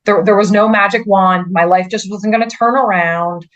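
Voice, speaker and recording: A woman's voice: mid-range voice, steady tone, dull audio. A woman guest on a podcast, speaking earnestly about her own experiences, often restarting sentences and filling with "like". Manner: earnest, halting, with frequent restarts and "like" fillers. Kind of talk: personal story in a conversational interview.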